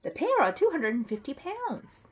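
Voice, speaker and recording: A woman's voice: high voice, huge pitch swings, moderate pace, voice pushed up. A woman voicing a doubtful, prim male shopkeeper in a storybook reading.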